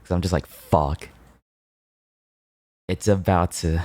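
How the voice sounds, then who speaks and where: A deep-voiced man chatting on his stream in a loose, playful way. He laughs a lot, jumps between quick asides to his viewers, and teases them. The sound is dry and close. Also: steady tone, darkish tone, no echo. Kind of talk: casual chat with chat.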